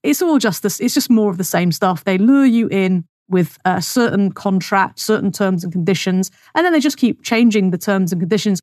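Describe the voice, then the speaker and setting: A woman's voice: medium pitch, lively intonation, moderate pace, few pauses, darkish tone, no room sound, clean studio sound. A woman hosting her own podcast, delivering a scornful, sarcastic monologue with emphatic repetition. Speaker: podcast host. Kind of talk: opinionated monologue.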